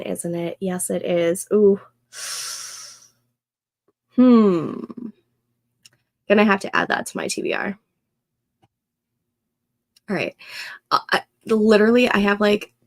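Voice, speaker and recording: A young woman hosting a casual co-working livestream, thinking aloud and reading chat comments in a soft, soothing voice. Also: mid-range voice, takes it slowly, long pauses, no echo. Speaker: livestream host.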